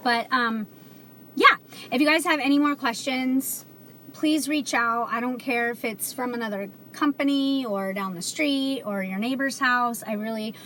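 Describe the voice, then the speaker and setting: With a fairly high, pushed, bright voice and a measured pace, a woman hosts a casual CBD livestream. She chats earnestly with viewers, using many fillers, against slight background noise.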